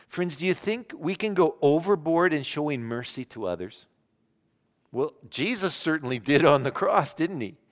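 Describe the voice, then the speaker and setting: A man preaching a sermon as a pastor, earnest, alternating loud emphasis with hushed, low passages. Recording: long hall reverb.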